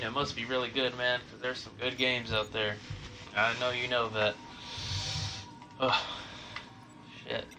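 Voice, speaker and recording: A man's voice: mid-range voice, noisy background. A man streaming a video game from his garage, chatting casually with viewers in a laid-back, chatty way with occasional swearing. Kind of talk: casual gameplay commentary.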